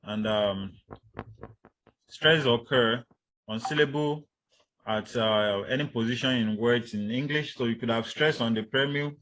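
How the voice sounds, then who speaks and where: A male lecturer explains material to his students at a measured pace. His pitch sits in an ordinary middle range. He fills his pauses with "um" and "uh" and repeats his main points. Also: a bit bright, slight background noise, poor audio. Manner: deliberate, many fillers, repeats key points. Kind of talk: university lecture.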